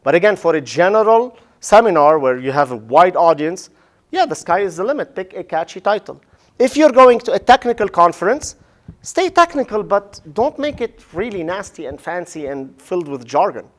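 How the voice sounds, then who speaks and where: A male professor giving a casual, animated lecture on public speaking. He often asks "right?" and acts out the listeners' reactions. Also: high voice, normal speed. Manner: casual, says "man" and "right?".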